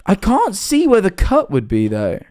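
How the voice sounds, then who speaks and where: A man's voice: high voice, wildly swooping pitch, normal speed, darkish tone. A man livestreaming and reacting to videos, rambling with lots of fillers, getting worked up and then sheepish. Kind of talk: casual live-stream commentary.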